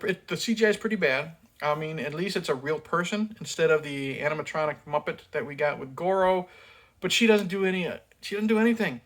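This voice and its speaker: A man's voice: a little high, a bit bright. A man giving a casual, profane film review rant, blunt and sarcastic, with many fillers as he mocks the acting.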